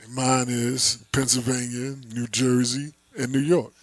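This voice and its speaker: A man's voice: medium pitch, flat delivery, a little slow. A man from Philadelphia with a Philly accent co-hosting a casual podcast chat, laid-back and joking. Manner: laid-back, joking, fills with "you know what I'm saying". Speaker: co-host.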